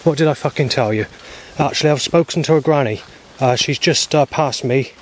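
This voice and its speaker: A man's voice: medium pitch, a little fast, a little hiss or hum. A man vlogging outdoors on a walk, talking agitatedly with heavy swearing into a handheld camera. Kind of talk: rambling outdoor video diary. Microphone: handheld camera he stops himself.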